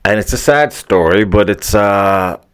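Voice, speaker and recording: A deep-voiced man hosts a solo podcast in a loose, rambling rant. He swears constantly, grumbles with open annoyance, and chuckles at his own jokes between thoughts. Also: lively intonation, a little slow, fairly bright tone, clean tone. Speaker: podcast host.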